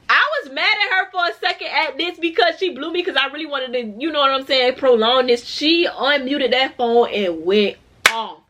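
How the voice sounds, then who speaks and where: A woman in her twenties telling a personal story in a casual, animated vlog, acting out the other people in it. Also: sits high, normal speed. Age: 20s. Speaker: vlogger.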